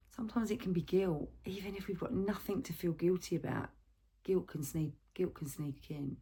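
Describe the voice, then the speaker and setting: A woman counsellor giving a gentle, reflective self-help talk and asking the viewer questions. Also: fairly low pitch, moderate pace, husky.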